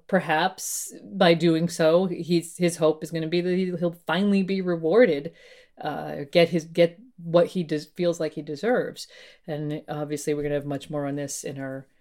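A woman's voice: sits low, a little mellow. A woman co-hosting a podcast, talking through fantasy book lore in a thoughtful, meandering way with many fillers and restarts. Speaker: podcast co-host. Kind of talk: casual discussion of fantasy lore.

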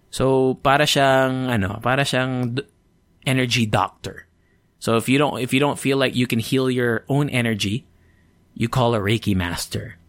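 A man's voice: medium pitch, fairly even intonation, moderate pace, no echo. A man hosting a casual solo podcast, a little sleepy, rambling, swearing freely and often cutting himself off mid-sentence. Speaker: podcast host.

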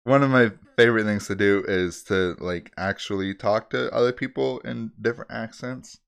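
A man in casual chat, relaxed and rambling, with a self-deprecating way of talking. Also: on the low side, moderate pace, gravelly, clear, resonant tone.

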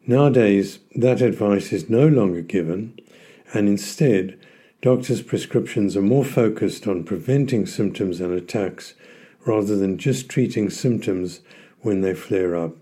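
A man hosting a health podcast, explaining in a calm, measured way and stressing key words. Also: fairly low pitch, breathy edge. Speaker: podcast host.

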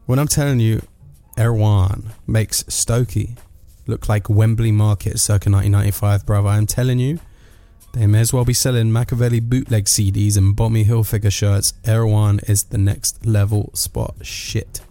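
A man's voice: lowish voice, little pitch movement, normal speed, warm tone, soft background music. A man, delivering a sardonic, rambling comic monologue full of asides.

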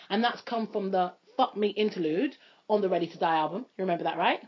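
A woman hosting a casual chat, talking quickly and loosely with lots of fillers. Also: mid-range voice. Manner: chatty, quick, full of fillers like "you know". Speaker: podcast host. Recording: muffled lo-fi recording.

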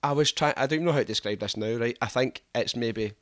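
A Scottish man hosting a podcast, telling stories in a casual, animated, sweary way with frequent laughter. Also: medium pitch, a little fast, no echo, clean studio sound. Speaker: podcast host. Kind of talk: casual storytelling chat.

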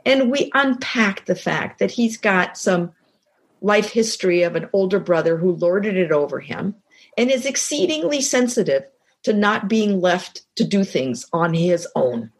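A woman's voice: medium pitch, animated, a little slow, breathy edge. An older woman, a podcast guest, telling a personal story in a reflective way and acting out bits of dialogue. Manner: reflective, acts out quoted dialogue. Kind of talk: storytelling in casual chat.

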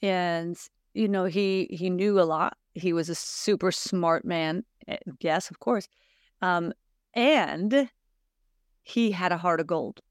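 A middle-aged woman, originally from Sweden, hosts a reflective solo podcast. She speaks slowly and earnestly with a smooth, clear voice that sits a little low, and she keeps asking rhetorical questions. The close mic gives a dry sound. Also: dry recording. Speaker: podcast host.

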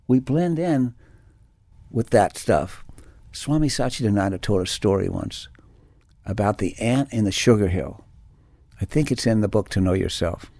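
A man's voice: lowish voice, lively intonation, moderate pace, pauses often, dark tone, dry recording. A man giving a reflective spiritual talk, telling personal stories with many restarts and fillers. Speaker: spiritual teacher.

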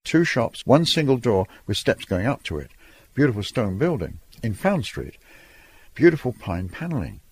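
His pitch is medium but swings widely, and his slightly rough voice moves at a moderate pace. An older man from Ireland, he shares stories from his photography career in a chatty, reminiscing interview, laughing between lines.

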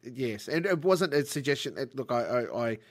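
A podcast host chats with a guest and keeps the tone playful and joking. The voice sits at a middle pitch. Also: expressive. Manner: playful and teasing, asks quick questions. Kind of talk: casual interview.

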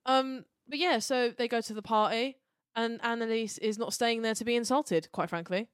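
Woman, podcast co-host, animated, swears, acts out lines, dry close sound. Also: on the high side, normal speed, clean tone, no echo. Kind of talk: casual chat.

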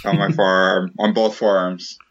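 A man's voice: deep voice, little pitch movement, moderate pace, a bit bright. A man hosting a podcast, chatting casually with friends and reading out questions with a dry, joking manner. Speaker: podcast host. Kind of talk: casual chat. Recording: dull lo-fi sound.

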